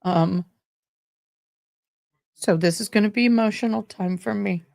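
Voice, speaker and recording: A middle-aged woman hosting a casual livestream about court cases, speaking haltingly with many pauses, grieving and close to tears. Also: medium pitch, gravelly, darkish tone, no echo. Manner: halting, pausing often with ums. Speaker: courtroom commentary host.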